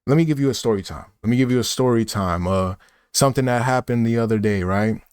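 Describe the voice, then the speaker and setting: A man's voice: mid-range voice, quick pace, a little mellow, smooth, dry recording, clean studio sound. A man, talking loosely in a casual monologue full of fillers and tag questions. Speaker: vlogger.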